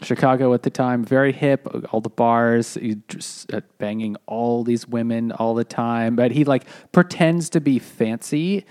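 A man's voice: mid-range voice, measured pace, few pauses, darkish tone, clean tone. A man co-hosting a casual book chat over beers, retelling a plot in a rambling, profane way. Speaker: podcast co-host.

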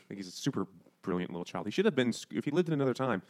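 A man's voice: medium pitch, sing-song, very fast. A man co-hosting a casual podcast, joking around and laughing often. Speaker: podcast co-host. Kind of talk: casual chat over beers.

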